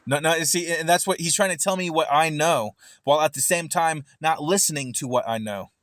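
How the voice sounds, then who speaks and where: Fired up guy cursing n stuttering thru his commentary, kinda high voice, dead dry sound. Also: brisk, fairly bright tone, no echo. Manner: heated, stammering with repeated words. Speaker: streamer reacting to a recorded debate. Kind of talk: casual profane commentary.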